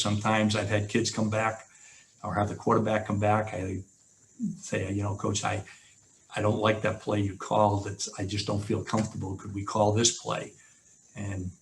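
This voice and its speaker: A man with a low voice, a former football coach giving a seminar over a video call. He talks in a conversational way, full of fillers, and acts out what people said. A faint hiss sits under his voice. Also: rough recording. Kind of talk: storytelling seminar talk. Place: home office on a video call. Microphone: video call mic.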